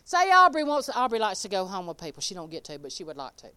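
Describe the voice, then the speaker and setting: A woman preaching an informal sermon, folksy and animated, calling out members of the congregation by name. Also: medium pitch, quick pace, smooth.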